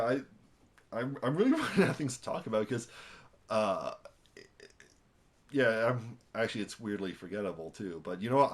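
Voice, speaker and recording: Rambling young man reviewing a film. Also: on the low side. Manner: rambling, animated, with many fillers and restarts. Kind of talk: casual spoken film review.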